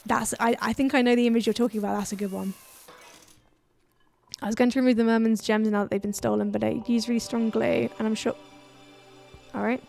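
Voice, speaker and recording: Giggly, gravelly woman streamer. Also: on the high side, steady tone, fairly quick, pauses often, darkish tone, soft background music. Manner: chatty, giggly, reads chat aloud. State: voice a bit worn. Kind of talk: casual gameplay stream chat.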